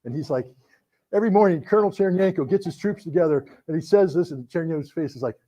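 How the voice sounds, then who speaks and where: A middle-aged man tells a story to an audience, bringing the people in his anecdotes to life with voices. His voice sits a little high and has a soft, mellow tone. The recording sounds dull and lo-fi. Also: quick pace. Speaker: speaker telling a story to an audience.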